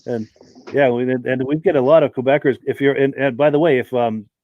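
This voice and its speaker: A man's voice: medium pitch, steady tone, brisk, narrow, tinny audio. Friendly man hosting a live podcast. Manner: reads viewer names aloud, friendly and welcoming. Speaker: podcast host. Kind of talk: live-stream podcast chat.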